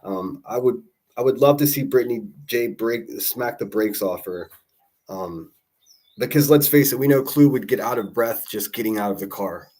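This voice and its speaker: A man hosts a casual livestream in a mid-range voice and everyday pitch. He talks fast and loose, swears freely and lays into people with mocking insults. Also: a little mellow. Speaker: livestream host.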